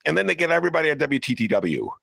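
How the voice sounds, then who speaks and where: A man's voice: a little high, sing-song, racing, creaky, bright, forceful tone, no echo. Sarcastic older man ranting. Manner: sarcastic, ranting, mocks people in put-on voices. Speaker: podcast host. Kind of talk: opinionated political talk.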